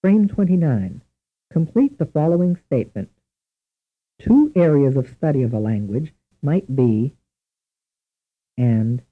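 Male instructor, husky, deliberate narration with a lively pitch for a tinny old taped language course. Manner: measured, deliberate, spells out each question and answer. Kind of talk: scripted language lesson narration. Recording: tinny lo-fi old tape recording.

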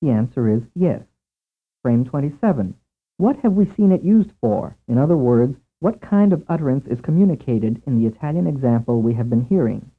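A man narrating a scripted language lesson in a measured way, asking questions and then giving the answers. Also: mid-range voice, animated, husky. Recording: tinny lo-fi tape over a narrow band.

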